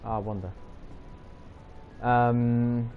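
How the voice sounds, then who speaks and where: Speaking extremely slowly in a medium, fairly flat pitch, a young man chats live with viewers during a racing game, swapping playful jabs. Music plays behind the slightly dull audio.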